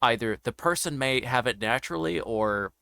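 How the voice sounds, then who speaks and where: A man in casual conversation, explaining things in a relaxed way and thinking out loud as he goes. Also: medium pitch, normal speed, vocal fry, clean tone. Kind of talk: casual chat.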